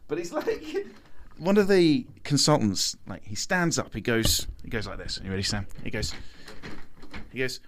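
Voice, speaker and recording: A man's voice: medium pitch, sing-song, moderate pace. A man in his thirties, a podcast guest, telling a story casually and animatedly, laughing often.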